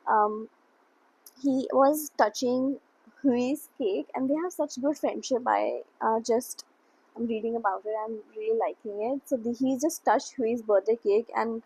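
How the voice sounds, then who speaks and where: Young woman, book vlogger, husky and higher-pitched, gushing, rambling chat. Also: measured pace, darkish tone, low-quality recording. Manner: gushing, chatty, rambling with fillers. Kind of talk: casual chat.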